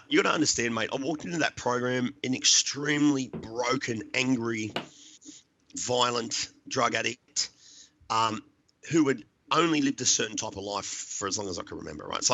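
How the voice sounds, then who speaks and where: An Australian man appears as a podcast guest, recounting his life story in a bright, forceful, medium-pitched voice. He speaks bluntly and emphatically, swears often, and sprinkles in "mate" and "right?".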